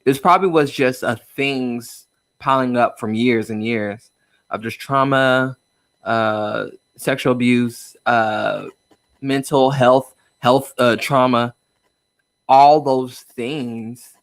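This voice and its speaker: A man's voice: medium pitch, fairly even intonation, slow pace, dry recording. Young man opening up about his feelings. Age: young adult. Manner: open and emotional, with frequent fillers and nervous laughs. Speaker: guest. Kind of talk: candid personal conversation. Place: inside a car.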